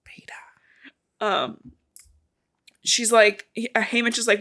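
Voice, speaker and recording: A woman's voice: fairly high pitch, slow, pauses often, fairly bright tone. A young woman podcast co-host retelling a novel's plot in casual chat, swearing freely and acting out the characters' lines. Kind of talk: casual book recap chat.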